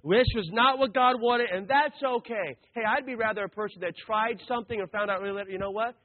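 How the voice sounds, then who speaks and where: A man preaching a sermon, animated, acting out the voices of the story he tells. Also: high-pitched, fast talker. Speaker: pastor. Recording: tinny phone-like recording.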